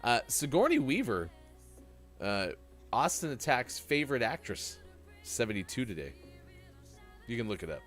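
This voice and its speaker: Man, morning show host, casual chat, joking, animated pitch, faint music behind. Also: moderate pace, long pauses. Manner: lively, joking, rambling delivery. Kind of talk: casual live-stream radio chat.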